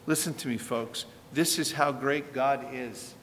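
A man delivering a sermon, his bright, slightly high voice ringing through a reverberant church with a faint hum of room ambience. He preaches emphatically, swelling on key phrases and pulling back, and puts rhetorical questions to his listeners. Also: moderate pace. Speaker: pastor.

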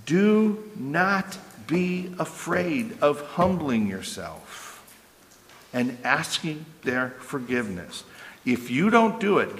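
A man's voice: a little high, a bit bright. Male pastor, middle-aged, conversational sermon, echoey room, long reverb tail. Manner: conversational preaching, frequent "right?" asides.

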